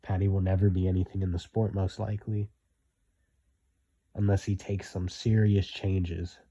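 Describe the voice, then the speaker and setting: A man's voice: low-pitched, level tone, normal speed, warm tone, dull audio. A young man giving blunt, repetitive opinion commentary, hammering his points home.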